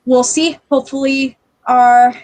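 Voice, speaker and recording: A woman co-hosting a casual livestream chat over a video call, telling stories in an animated way and acting out what people said. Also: high-pitched, measured pace. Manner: animated storyteller, acts out quotes. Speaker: livestream co-host.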